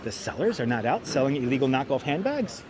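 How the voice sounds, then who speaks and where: A man's voice: mid-range voice, big pitch swings, fairly quick. A man hosting a live walking tour outdoors, chatting and greeting viewers by name, on a wireless clip-on mic. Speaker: livestream host walking the city. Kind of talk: live walking-tour commentary, reading chat. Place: outdoors on busy city streets. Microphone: wireless clip-on mic, phone camera on a gimbal. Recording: faint street traffic behind.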